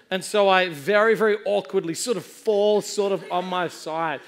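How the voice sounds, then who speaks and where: A middle-aged male pastor preaching a sermon, telling a story with animated, self-mocking comedy. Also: high-pitched, normal speed, few pauses. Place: church service before a laughing congregation.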